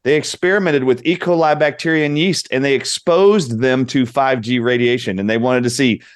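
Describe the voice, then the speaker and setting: A man's voice: a little high, no room sound. Man lecturing insistently, dry sound. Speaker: interview guest, doctor. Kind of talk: interview talk.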